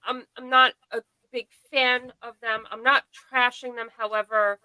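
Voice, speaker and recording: Blunt, rambling woman, high bright voice, dry close sound, casual live chat. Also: flat delivery, normal speed, smooth, dry recording, low-quality recording. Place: home.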